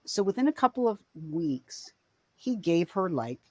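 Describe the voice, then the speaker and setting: A woman's voice: fairly low pitch, sing-song, a little slow, dry recording. A woman in her forties co-hosting a podcast, telling a family story in a rambling, self-correcting way. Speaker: podcast co-host. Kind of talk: casual storytelling chat.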